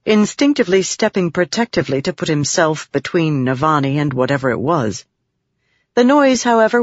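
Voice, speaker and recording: A woman narrating an audiobook in an expressive storytelling manner, recorded dry and slightly muffled. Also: sits low, dry recording. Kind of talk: scripted narration.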